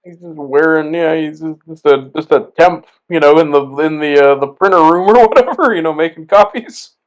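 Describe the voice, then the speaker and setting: A man's voice: on the high side, normal speed, poor audio. A tipsy man co-hosting a movie watch-along, rambling and trailing off between laughs in casual commentary.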